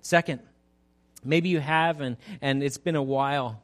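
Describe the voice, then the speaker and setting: Man preaching with loud-soft swings. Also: medium pitch, fairly even intonation, a little slow. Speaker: pastor. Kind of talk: sermon. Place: church sanctuary.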